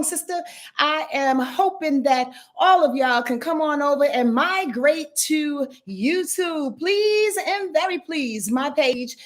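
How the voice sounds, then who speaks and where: Hosting her own channel, a high-voiced woman astrologer from Yonkers, New York chats casually on a live stream. She laughs a lot, uses slang, calls out viewers by name and keeps coming back to her catchphrases in a lively way.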